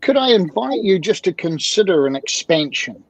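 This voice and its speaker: A man speaking as a guest mentor in an interview, animated and fond of repeated rhetorical questions, heard through dull lo-fi audio. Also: sits high, normal speed, slightly rough, no room sound. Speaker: guest, emotional communication mentor. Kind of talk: video-call interview talk.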